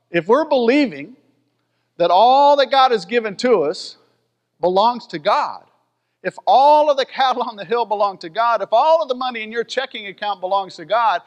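A male pastor preaching a sermon in a church, in a folksy way with joking asides to the congregation. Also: very high voice. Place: church auditorium. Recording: long hall reverb.

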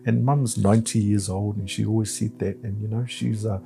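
A man and family caregiver, speaking in a soft, reflective way about his faith and his family. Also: fairly low pitch, steady tone, fairly quick, vocal fry, faint music behind. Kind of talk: reflective personal interview.

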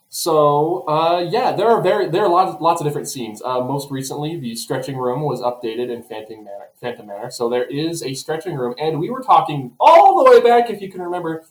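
A man co-hosting a casual chat who explains things in a relaxed, joking way. His voice sits a little high, and the recording is roomy with a noticeable echo. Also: normal speed. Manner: relaxed, jokey, explains details. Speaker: podcast co-host. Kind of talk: casual chat about theme park rides.

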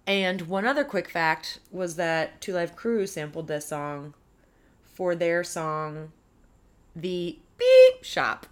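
A woman's voice: lowish voice, slow pace, smooth. A woman co-hosting a music podcast in casual, giggly chat, with plenty of fillers. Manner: giggly, chatty, with many fillers. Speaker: podcast co-host.

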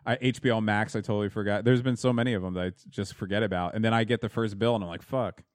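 A man's voice: lowish voice, fairly even intonation, fast talker. A man in a casual chat, talking hesitantly with many fillers and restarts. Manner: hesitant, filler-heavy talk.

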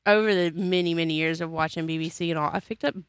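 A woman's voice: fairly low pitch, fast, clean tone, dry recording. An American woman chatting casually, telling stories with lots of fillers. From United States. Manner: chatty, animated storytelling with many fillers. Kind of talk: casual chat.

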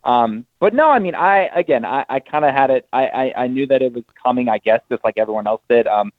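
A man's voice: medium pitch, lively intonation, quick pace, no echo. Male guest on a phone line, rambling and restarting, casual. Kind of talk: casual chat.

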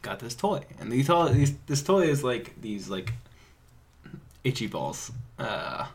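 Male podcast co-host, mid-pitch voice, animated storyteller who laughs through his anecdotes. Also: takes it slowly, creaky. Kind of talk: casual chat.

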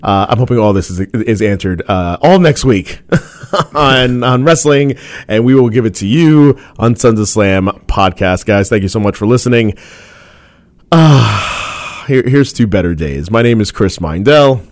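A man's voice: fairly low pitch, expressive, a little slow, no echo. A man co-hosting a casual wrestling podcast, rambling with many fillers and restarts and often breaking into laughter. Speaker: podcast co-host.

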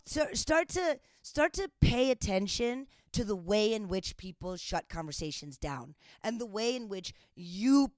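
A woman's voice: fairly high pitch, a little mellow, no echo, clean studio sound. A woman co-hosting a podcast, speaking emphatically and addressing listeners directly. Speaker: podcast co-host. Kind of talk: casual podcast chat.

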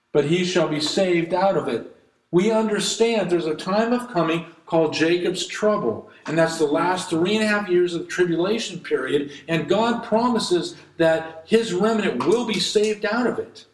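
Earnest preacher man, echoey church. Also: a little high. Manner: earnest, pleading preaching with scripture reading. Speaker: pastor. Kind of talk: sermon.

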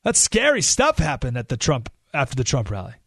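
A man hosting a talk radio show, telling a story in an animated, emphatic way with rising indignation. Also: medium pitch, fairly quick, gravelly, breathy edge, no echo, clean studio sound. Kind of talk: opinionated radio monologue.

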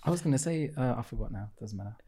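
A man co-hosting a casual chat, joking and quick to laugh. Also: medium pitch, lively intonation, crowd noise. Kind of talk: casual banter.

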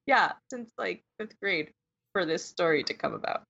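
A woman's voice: on the low side, expressive, moderate pace, creaky, a bit bright. A woman chatting casually about books, ranting with lots of fillers and exasperation. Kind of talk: casual book discussion. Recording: dull lo-fi sound.

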